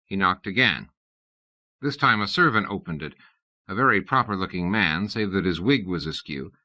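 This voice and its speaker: A man reading a comic fantasy novel aloud as an audiobook narrator, in measured, even storytelling. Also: sits low. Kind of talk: scripted narration. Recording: dull lo-fi audiobook recording.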